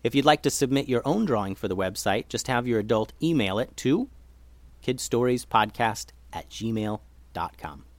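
A man narrating a children's adventure story in a lively, expressive way as the podcast host. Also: medium pitch, moderate pace, no echo. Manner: lively, expressive reading for kids.

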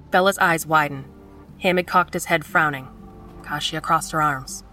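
A woman with a fairly low voice reads a first-person horror story. Her telling is measured and tense, with faint music underneath. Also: bright, forceful tone, far from the mic. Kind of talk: scripted first-person narration.

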